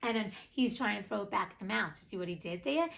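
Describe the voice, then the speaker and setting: A woman's voice: mid-range voice, fast, gravelly, a bit bright, poor audio. Chatty woman reading fairy tales aloud. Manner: chatty, blunt asides with swearing. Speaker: reader and host. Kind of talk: fairy tale reading with casual commentary.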